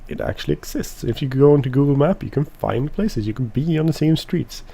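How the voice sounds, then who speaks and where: A man's voice: fairly high pitch, lively intonation, fairly quick, vocal fry, warm tone, husky. A man whose first language is Swedish, giving rambling casual commentary while playing a farming game, with lots of restarts and fillers. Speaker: let's play host.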